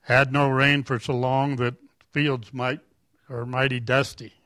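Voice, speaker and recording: A man's voice: medium pitch, flat delivery, unhurried, bright, forceful tone, dry recording. A man reading aloud the words of a humble old farmer talking to God like a friend, in a folksy, plain-spoken way. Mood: earnest.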